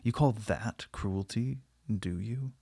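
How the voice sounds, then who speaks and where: A man's voice: fairly low pitch, takes it slowly, creaky, mellow, slightly rough, no echo, full character voice. A man reading the part of a cold, stern middle-aged husband who speaks severely and with heavy emphasis. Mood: cold scorn. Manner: severe, emphatic, stammering when upset.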